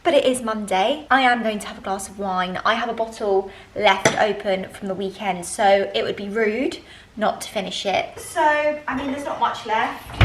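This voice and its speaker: Chatty young mum, rambling. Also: female voice, medium pitch, noisy background. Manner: chatty, self-deprecating, rambling. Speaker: vlogger. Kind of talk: casual vlog chat.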